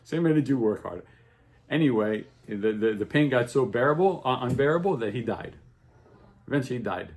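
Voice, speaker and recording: A man teaching an informal religious class, telling stories with growing excitement and checking in with "okay?" and "right?" all the time. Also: medium pitch, brisk. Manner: animated storytelling, voice rising with excitement. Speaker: Torah teacher.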